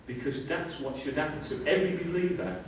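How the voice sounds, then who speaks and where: Pastor preaching in echoey hall. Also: male voice, fairly high pitch, brisk. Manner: conversational, full of rhetorical questions to the congregation. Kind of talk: sermon. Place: church hall with congregation. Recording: very echoey hall, distant mic, faint hiss.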